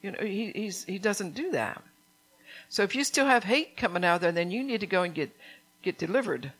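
A woman's voice: mid-range voice, animated, normal speed, a bit bright, husky. A woman preaching a sermon in a conversational, fervent way, often checking in with her congregation.

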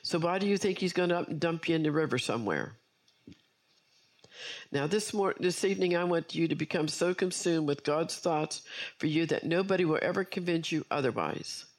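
A woman's voice: deep voice, lively intonation, normal speed. A woman preacher delivering an earnest sermon with personal testimony, repeating key phrases for emphasis.

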